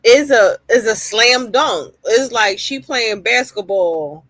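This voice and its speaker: A woman's voice: fairly high pitch, animated, slow pace, hardly any pauses, fairly bright tone, no room sound. A woman streamer ranting heatedly in live-stream reaction commentary, swearing often and repeating phrases for emphasis.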